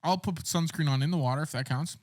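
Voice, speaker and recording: A man co-hosting a casual podcast, making deadpan jokes. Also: on the high side, fast talker. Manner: joking, deadpan quips. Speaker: podcast co-host. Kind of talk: casual chat.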